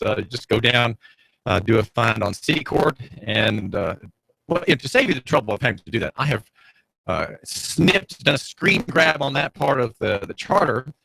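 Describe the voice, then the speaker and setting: A man's voice: medium pitch, creaky, bright, forceful tone, no echo, low-quality recording. A man with a Southern US accent hosting a radio talk show from a small studio, delivering a sardonic, rambling monologue full of fillers and restarts. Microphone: studio mic, streamed on video.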